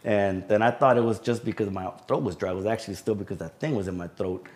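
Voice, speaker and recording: Man recounting an ordeal, slightly low voice. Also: darkish tone. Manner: halting recounting with frequent fillers. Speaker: sheriff's deputy guest. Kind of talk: casual interview storytelling.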